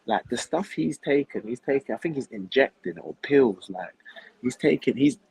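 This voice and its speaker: A man's voice: medium pitch, animated, moderate pace, darkish tone, husky, no echo, low-quality recording. A man calling into a boxing live stream, speaking bluntly and insistently in casual chat. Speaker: caller joining a live stream.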